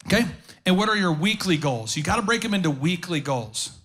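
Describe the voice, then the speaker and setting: A high-pitched man with a bright, cutting tone runs a business seminar. He talks fast and jokes a lot, and he keeps tossing quick questions at the audience in the auditorium. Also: big pitch swings. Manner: fast, jokey, riffing asides and audience questions. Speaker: business conference speaker. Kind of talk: energetic live seminar talk. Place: conference auditorium stage.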